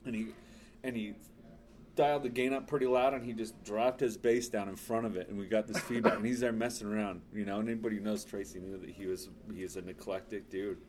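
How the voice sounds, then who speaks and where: A man with a slightly low voice telling a story in a loose, rambling way, often stopping to say "you know". Faint background noise sits under his talk. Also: steady tone, fast, a little mellow. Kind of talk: casual storytelling chat.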